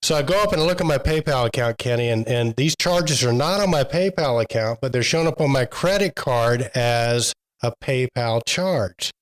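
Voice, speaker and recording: A man's voice: medium pitch, expressive, normal speed, hardly any pauses, low-quality recording. A man co-hosting a trade podcast in casual chat, telling stories in a rambling way with many fillers. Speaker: podcast co-host.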